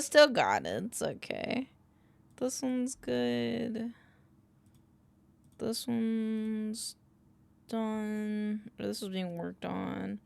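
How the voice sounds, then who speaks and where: A playful American woman chats with her viewers at an easy, unhurried pace. Her voice has a gravelly edge, and her pitch swings widely as she reacts to chat. Soft keyboard typing and clicking run underneath. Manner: playful, reacting to chat with loud outbursts and laughs. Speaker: streamer. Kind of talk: casual chat with viewers while working.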